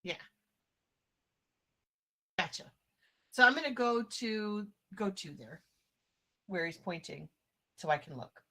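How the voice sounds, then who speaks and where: A woman's voice: mid-range voice, lively intonation, slow pace, pauses often, sharp tone. A woman playing a tabletop game, chatty and a little flustered. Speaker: player. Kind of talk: casual game talk.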